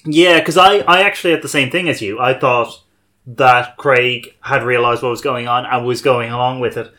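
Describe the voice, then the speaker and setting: A man with a bright, clear-edged voice at an ordinary pitch talks through a TV episode. He is wry and thoughtful, often stopping to rephrase himself in casual podcast chat. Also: steady tone, normal speed. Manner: thoughtful, self-correcting, wry. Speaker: podcast host.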